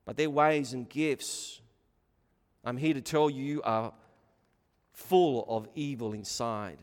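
A man's voice: mid-range voice, slow, in a large hall. A man preaching a sermon as pastor, emphatic and full of rhetorical questions.

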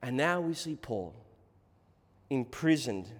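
A man preaching a sermon, swinging from hushed, slow passages to loud, emphatic ones. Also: mid-range voice, expressive. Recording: long hall reverb.

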